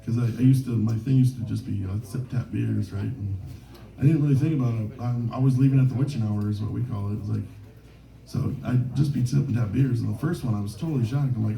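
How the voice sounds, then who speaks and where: A man's voice: medium pitch, brisk, creaky, dark tone. A man from Minnesota, a touring musician, rambling through self-deprecating anecdotes between songs at a bar gig. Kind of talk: onstage storytelling between songs. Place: bar stage at a live gig. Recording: roomy live venue, distant mic.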